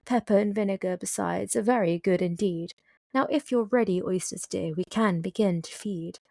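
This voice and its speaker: A woman voicing a pompous, talkative male walrus in a sing-song storybook voice, pitched above her own. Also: moderate pace, gravelly, dark tone, no echo, clean studio sound. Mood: genial.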